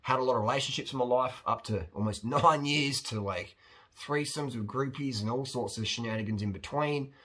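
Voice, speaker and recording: A man with a bright, forward voice and a husky edge to it, talking bluntly in a rambling advice monologue. He is animated and keeps slipping into quick impressions of other people as he goes, keeping the tone casual and unpolished. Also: medium pitch. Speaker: host answering viewer questions.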